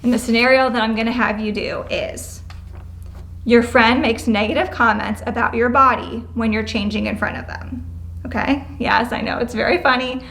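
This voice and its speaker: Brisk, upbeat woman teaching a class. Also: a little high, steady tone, fairly bright tone. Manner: brisk, encouraging, gives clear step-by-step directions; acts out example phrases with changing tone. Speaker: prevention educator leading a class. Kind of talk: classroom instruction. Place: school classroom, indoors.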